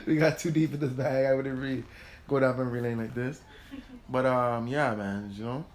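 A man telling a heated personal story in casual chat, animated, laughing and swearing as he goes. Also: medium pitch, moderate pace, a little hiss or hum. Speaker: host.

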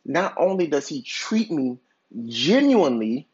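Husky man rambling on a podcast. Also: on the high side, big pitch swings, measured pace, darkish tone. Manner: rambling, filler-heavy storytelling with many "like"s and restarts. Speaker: podcast host. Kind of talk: casual podcast monologue. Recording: dull lo-fi recording.

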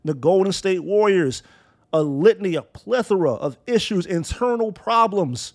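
A man's voice: sits high, animated, moderate pace. A man hosting a sports talk show, ranting bluntly and profanely, with sarcastic strings of insults. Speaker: sports podcast host.

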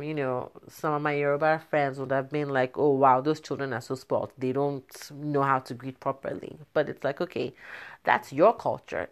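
Low-voiced chatty woman from Nigeria. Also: clear, resonant tone. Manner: chatty, laughs often, many fillers. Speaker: vlogger. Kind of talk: casual talk to camera.

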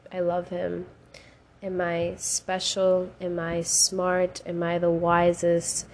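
Female podcast host, casual faith talk, tearful and heartfelt, faint room noise. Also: lowish voice. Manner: emotional, rising to cries and laughs, casual slang.

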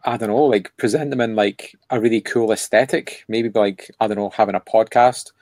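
A man's voice: fairly low pitch, steady tone, normal speed, a little mellow, no room sound. A man co-hosting a casual podcast, rambling and sardonic, with lots of filler words. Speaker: podcast co-host.

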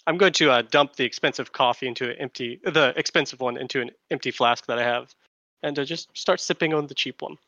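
A man's voice: medium pitch, quick pace, bright, forceful tone, dry recording. A man playing a character in a tabletop game, wry and playful. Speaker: player. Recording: dull lo-fi mic.

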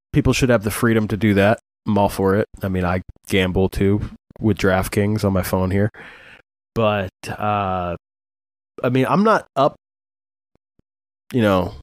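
A man's voice: lowish voice, a little mellow, no room sound, studio quality. A man hosting a podcast in casual chat, rambling and swearing, with many fillers. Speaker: podcast host.

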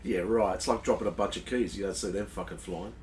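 A man's voice: sits low, fast talker, a little mellow, distant mic, slight background noise. A man co-hosting a podcast outdoors by a marina, trading jokes in casual banter. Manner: joking banter. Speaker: podcast co-host. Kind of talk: casual chat.

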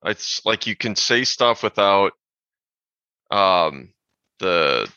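A man co-hosting a podcast, chatting casually and rambling about language with animated asides. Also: low-pitched, drawn-out words, smooth, no room sound, muffled recording. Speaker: podcast co-host. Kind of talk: casual chat.

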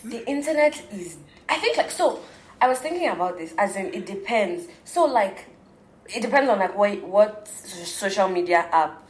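A woman's voice: mid-range voice, expressive, normal speed, slight background noise. A woman co-hosting a podcast in casual chat, with a playful manner, laughing often. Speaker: podcast co-host.

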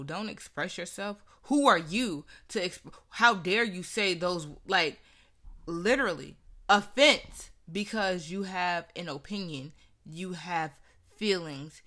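A woman's voice: lowish voice, sharp tone. A young woman candidly telling her personal story in a conversational, earnest way, acting out what people said. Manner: earnest, conversational, acts out quoted voices.

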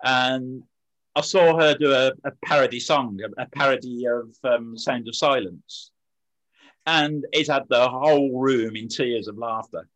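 Male poet and slam host, mid-pitched, loose self-deprecating interview talk. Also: a little slow, a bit bright, dull audio. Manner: rambling, self-deprecating, frequent restarts. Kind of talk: casual interview chat.

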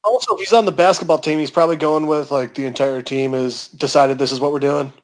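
A man's voice: fairly high pitch, steady tone, fast. A man on a comedy podcast, teasing his co-hosts and questioning the story, laughing easily. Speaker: podcast co-host. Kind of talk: casual comedic banter.

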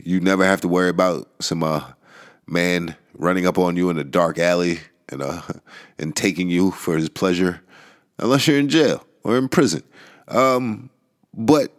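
A man hosting a casual solo podcast, rambling and swearing, laughing often and trailing off into mumbles. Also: low-pitched. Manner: rambling and profane, with frequent laughs and restarts. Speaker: podcast host.

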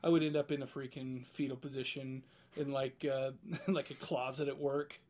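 Rambling male podcast host, halting casual delivery. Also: mid-range voice, level tone, darkish tone. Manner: rambling, halting, laughs often. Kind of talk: casual chat.

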